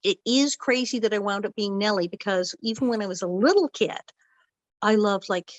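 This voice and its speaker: A middle-aged woman telling stories as a guest in a casual interview, animated and acting out the voices she quotes. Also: medium pitch, normal speed, no echo, poor audio. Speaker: guest actress.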